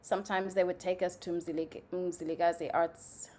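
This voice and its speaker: A young woman from Zimbabwe, a playwright and actress, telling stories in a casual interview, animated and full of "like" fillers. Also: lowish voice, moderate pace, slight background noise. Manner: animated storytelling, many "like" fillers, acts out quotes.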